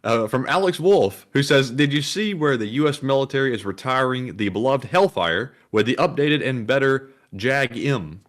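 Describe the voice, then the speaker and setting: A man co-hosting a livestream reads viewer messages aloud in an even, ordinary voice. He is relaxed, sometimes tripping over a word before he carries on. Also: medium pitch, moderate pace, few pauses. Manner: plain, reads out messages, stumbles over words. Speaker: co-host reading viewer messages. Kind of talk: casual livestream chat.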